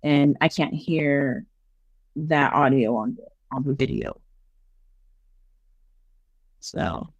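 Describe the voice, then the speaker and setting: A woman guest on a podcast, casually telling paranormal stories in a chatty, animated way full of fillers. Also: a bass voice, slow pace, long pauses, no room sound, muffled recording. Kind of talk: casual storytelling interview.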